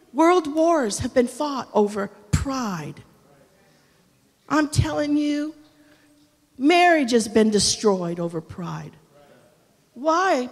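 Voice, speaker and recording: A middle-aged woman pastor delivers a lively sermon in a fairly high voice, mixing humor with conviction. She acts out quotes, dropping to a hush and then rising loud again. Her voice rings out with the long reverb of a large hall. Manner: animated, humorous, acts out quotes with big shifts in loudness.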